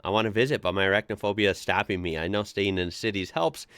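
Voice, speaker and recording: A man's voice: lowish voice, fast, a bit bright, smooth, no room sound, studio quality. An American man hosting a casual commentary show, chatty and amused as he reads posts aloud and adds his own asides. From United States. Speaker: host reacting to online posts.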